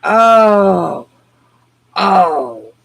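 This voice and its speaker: A woman streaming live, chatting casually in an excitable, rambling way and laughing easily. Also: mid-range voice, drawn-out words, vocal fry, no echo, poor audio.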